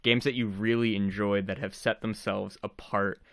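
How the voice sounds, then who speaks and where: A man's voice: on the low side, moderate pace, dry recording, clean studio sound. Laughing, rambling man hosting a podcast. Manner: animated, laughs often, rambling questions. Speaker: podcast host and game developer. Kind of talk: casual podcast interview.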